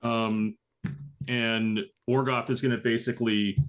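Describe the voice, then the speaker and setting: A man playing a tabletop game, describing his character's moves slowly and hesitantly. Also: mid-range voice, little pitch movement. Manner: slow, hesitant, many fillers. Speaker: player. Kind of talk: tabletop role-play, casual.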